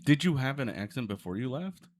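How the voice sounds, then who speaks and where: Animated, joking male podcast co-host, loose and casual. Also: medium pitch, brisk, dry recording. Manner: joking, swears, lively delivery.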